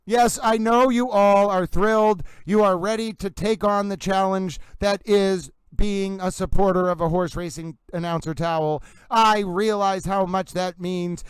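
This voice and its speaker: A man's voice: sits high, fairly even intonation, unhurried, few pauses, clear, resonant tone, no room sound, rough recording. A man hosting a livestream, commenting on a trial in a playful, theatrical mock horse-racing announcer style. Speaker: livestream host.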